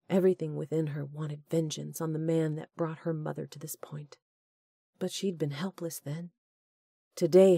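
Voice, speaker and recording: Low-voiced woman narrating an audiobook. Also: vocal fry, mellow, husky, no room sound, clean studio sound. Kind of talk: scripted narration.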